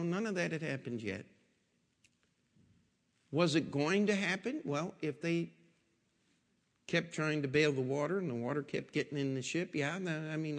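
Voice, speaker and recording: A man's voice: high-pitched, moderate pace, a bit bright. A man pastor preaching a sermon in a folksy storytelling way, asking rhetorical questions, in a church. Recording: long echoing hall reverb.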